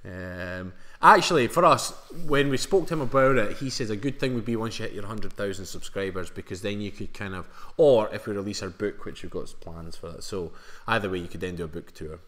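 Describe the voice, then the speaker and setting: A man's voice: fairly low pitch, a little fast, hardly any pauses, a bit bright. A Scottish man co-hosting a live fitness Q&A with jokey, teasing banter. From Scotland. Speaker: fitness coach co-host. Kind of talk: live-stream Q&A chat. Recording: echoey room.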